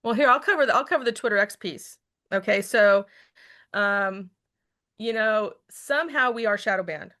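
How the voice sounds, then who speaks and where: A woman's voice: medium pitch, normal speed, a bit bright. A middle-aged woman guest telling a story in casual talk, acting out her own thoughts as quotes. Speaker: guest, activist.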